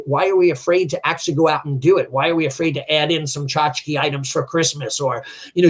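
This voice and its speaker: A middle-aged man who runs a martial arts school, telling business stories in a lively way and acting out the dialogue. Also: fairly high pitch. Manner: animated, acts out quoted dialogue. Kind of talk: storytelling in a business chat.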